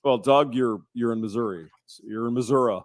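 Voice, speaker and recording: A man's voice: mid-range voice, fairly quick, no echo. A man hosting a casual panel chat, joking and teasing the guests and laughing often.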